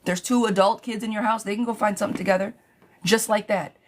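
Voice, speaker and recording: A woman's voice: medium pitch, fast talker, a little hiss or hum. A woman giving a live tarot reading, with blunt and profane advice that she calls out to her viewers. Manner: blunt, profane, animated advice with frequent "girl". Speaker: tarot reader.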